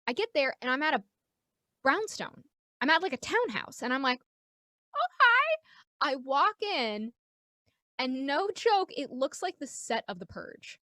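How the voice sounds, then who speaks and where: Woman comic from New York, high bright voice, animated storyteller. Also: a little slow, no room sound. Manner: animated, acts out the people in her stories. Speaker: comedian, guest. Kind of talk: casual chat, comic storytelling.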